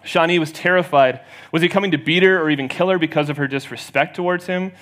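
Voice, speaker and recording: A man preaching a sermon as pastor, retelling a story and raising his voice for the quoted voices. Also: quick pace. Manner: storytelling, rising loud and high for quoted voices.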